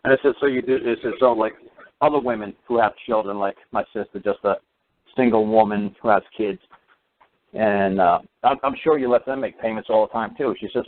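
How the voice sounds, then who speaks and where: A man's voice: on the low side, fairly quick, slight background noise. A man telling a long casual story as a talk show host, rambling with many fillers and restarts. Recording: phone-like lo-fi radio audio.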